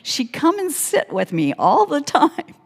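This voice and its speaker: A woman pastor telling a personal story in a sermon, animated and laughing often as she speaks. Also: high voice, measured pace. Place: church sanctuary. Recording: long church hall reverb.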